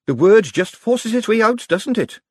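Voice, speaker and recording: A man voicing a brisk, no-nonsense young kitchen girl who sounds firm and a little weary. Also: high-pitched, animated, a little mellow, slightly rough, no room sound, clean studio sound, voice pushed up. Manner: firm, weary, matter-of-fact.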